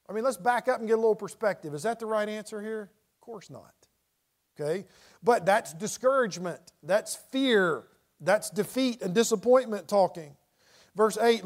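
Middle aged guy teaching bible study, high voice, acts out the verses, chatty asides. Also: moderate pace. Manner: reads scripture aloud with dramatic inflection, conversational asides.

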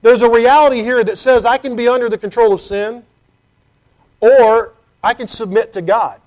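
Male preacher with a high voice, earnest and chatty in the pulpit, reads scripture aloud, keeps asking the room questions. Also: steady tone, normal speed, a little mellow. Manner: earnest, conversational, with rhetorical questions; reads scripture in King James wording. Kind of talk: sermon.

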